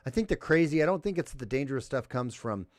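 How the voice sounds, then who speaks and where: Man ranting on a livestream, lively pitch. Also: fast talker, no echo. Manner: heated, profane, reads viewer chat aloud. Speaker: livestream call-in host.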